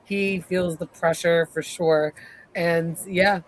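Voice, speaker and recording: A podcast co-host in a casual show recap, retelling scenes with lively acted-out quotes. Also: mid-range voice, slow, a little hiss or hum. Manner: animated retelling, acts out quotes.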